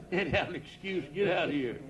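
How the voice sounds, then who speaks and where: At an outdoor church campground, an older man who preaches in the country entertains a live audience with rambling comic stories, laughing at his own jokes. His voice sits high, and the recording is very noisy.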